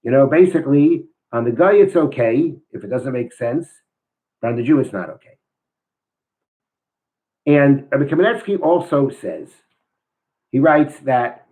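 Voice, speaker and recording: A man's voice: mid-range voice, lively intonation, a little slow, pauses often, mellow, rough recording. A man teaching a weekly Torah class, explaining ideas and reading a story aloud, often thinking aloud as he goes.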